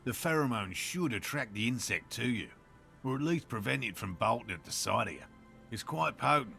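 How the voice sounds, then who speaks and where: A man's voice: mid-range voice, expressive, normal speed, vocal fry, pushed and bright, soft background music. An actor playing a pompous, self-assured male cryptozoologist in a video game, with an Australian accent and a lecturing manner. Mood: condescending.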